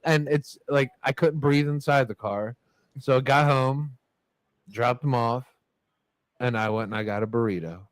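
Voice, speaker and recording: A man's voice: mid-range voice, measured pace, no echo. A man spins a messy, crude anecdote for his friends, swearing freely and breaking into laughter as he goes. His voice sits in a middle register and sounds dry and close to the mic. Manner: rambling, profane, laughing through the story. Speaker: storyteller in a group chat. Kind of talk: casual storytelling with friends. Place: bar or podcast table with friends.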